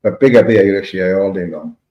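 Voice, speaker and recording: A deep, dark-toned Welsh voice moves briskly as this livestream host reads chat, chatting casually and welcoming viewers by name. The recording sounds dull and lo-fi in an echoey room.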